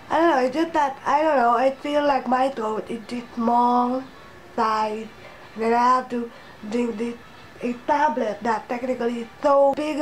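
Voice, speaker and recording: Young woman, sick with flu, nasal, rambling vlog, halting, fairly high voice. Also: a little hiss or hum, rough recording. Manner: rambling, halting, low-energy. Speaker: vlogger.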